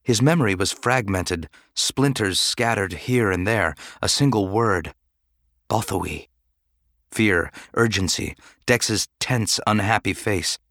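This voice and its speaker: A man giving measured, dramatic audiobook narration. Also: on the low side, a bit bright, dry recording, studio quality.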